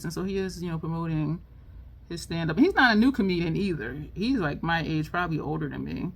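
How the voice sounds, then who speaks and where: A woman chatting casually while doing her makeup, telling a funny story with lots of laughter. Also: moderate pace. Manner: chatty, laughing storyteller, lively swings in pitch. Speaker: beauty vlogger. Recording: faint background noise.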